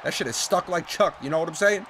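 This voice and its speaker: A young man giving loud, excitable let's-play commentary, swearing and shouting at the game. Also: fairly high pitch, quick pace, a little hiss or hum. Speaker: gaming commentator.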